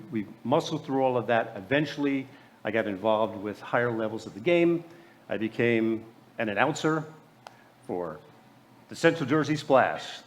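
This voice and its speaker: An American man in his late sixties from New Jersey, telling personal stories in a keynote speech, often stumbling and repeating words. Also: mid-range voice. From USA. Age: 60s. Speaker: keynote speaker.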